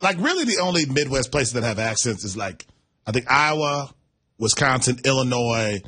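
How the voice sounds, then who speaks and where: A man from Milwaukee, co-hosting a casual sports talk show, laid-back and quick to laugh. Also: mid-range voice, lively intonation, pushed and bright, husky.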